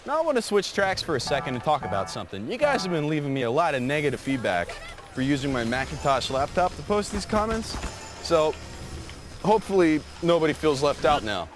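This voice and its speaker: A man delivering mock-serious comedic commentary over clips, dry and deadpan. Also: fairly high pitch, a little fast, music in the background. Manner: mock-serious, switches into a dumb bro voice for fake comments.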